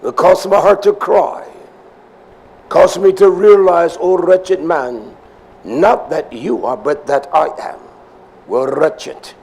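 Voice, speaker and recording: An older man preaching a sermon, swinging from loud emphasis down to near whispers. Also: on the high side, slow, vocal fry, breathy edge, rough recording.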